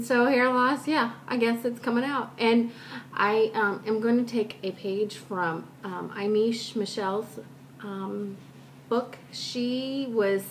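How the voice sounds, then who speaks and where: A woman talks straight to her vlog audience, rambling through a personal story with self-deprecating asides and many restarts. Her voice sits at an ordinary middle pitch, with a faint hiss in the background. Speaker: vlogger. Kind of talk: casual chat, personal storytelling.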